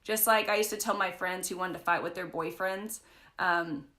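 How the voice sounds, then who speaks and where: A woman's voice: lowish voice, steady tone, normal speed, pushed and bright. A young woman leading a casual livestream Bible study, chatty and storytelling, often saying "like" and "right?". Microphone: phone or webcam for a live stream.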